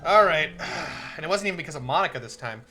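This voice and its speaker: A young man streaming live, reading a visual novel aloud and chatting, animated and laughing at his own jokes. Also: a little high, fast talker, faint music behind.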